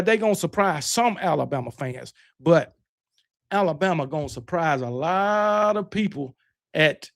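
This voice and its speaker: A man hosting a livestream, chatting casually with viewers, rambling and correcting himself, full of boastful sports banter. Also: sits high. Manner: rambling, self-correcting, talks back to chat. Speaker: livestream host. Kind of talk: casual chat with live viewers.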